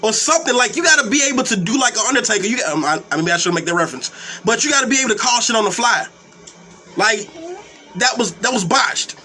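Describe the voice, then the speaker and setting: Heated high-voiced man ranting. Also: very animated, quick pace, sharp tone, faint music behind. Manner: heated, cursing, repeats words while ranting. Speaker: wrestling commentary host. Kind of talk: profane live-stream rant.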